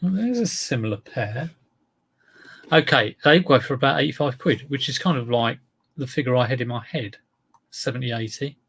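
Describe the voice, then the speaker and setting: A man's voice: mid-range voice, expressive, normal speed, creaky, fairly bright tone, slightly rough. A man hosting a casual reseller livestream, chatting to viewers in a rambling way while he handles and lists items.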